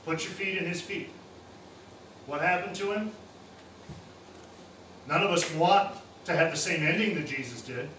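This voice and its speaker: A high-voiced man preaches in a plain, casual way, dropping in everyday slang. He is heard from some distance in a roomy hall that echoes. Faint noise sits under his voice. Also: a little slow, long pauses, fairly bright tone. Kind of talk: sermon.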